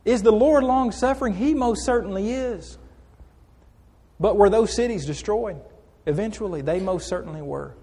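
A man's voice: high-pitched, moderate pace, dark tone, husky, big-room sound. A man preaching a sermon, asking the congregation questions, answering them himself and repeating phrases for emphasis. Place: church.

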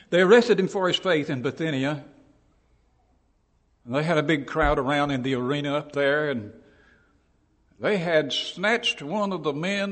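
A man preaches in a church with a fairly high voice, telling vivid stories and building to shouted lines. The sound carries a long hall reverb around him. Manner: dramatic storytelling, rising to shouted quotes. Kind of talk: sermon.

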